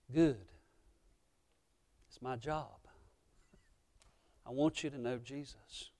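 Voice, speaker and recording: A man preaching a sermon as pastor, emotional and impassioned, swinging between loud passages and hushed ones. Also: medium pitch, slow pace, long pauses.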